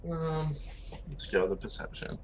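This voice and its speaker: A man's voice: fairly high pitch, lively intonation, normal speed, a little hiss or hum. A man playing in a tabletop game, giving terse, short replies. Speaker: player.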